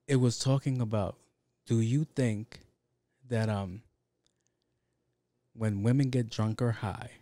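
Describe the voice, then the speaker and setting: In clean studio sound without any room sound, a man with a fairly low, warm voice hosts a podcast by himself. An adult with kids, he chats casually, rambling, swearing and leaning on fillers.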